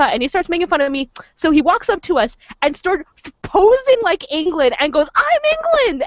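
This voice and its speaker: High-pitched woman host, excitable storyteller, dry dull lo-fi sound. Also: no room sound. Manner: excitable, storytelling, quick laughs. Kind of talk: casual chat on a live stream. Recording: dull lo-fi stream audio.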